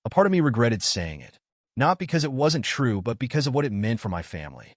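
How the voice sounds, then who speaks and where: A man narrating a first-person story in a dramatic, expressive way. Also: medium pitch, fairly quick, dry recording, clean studio sound.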